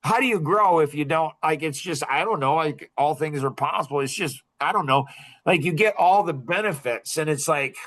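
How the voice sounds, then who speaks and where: Rambling man in his sixties, slightly high voice. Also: a bit bright. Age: 60s. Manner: rambling, self-interrupting, with quick laughs. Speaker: podcast guest. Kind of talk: casual storytelling.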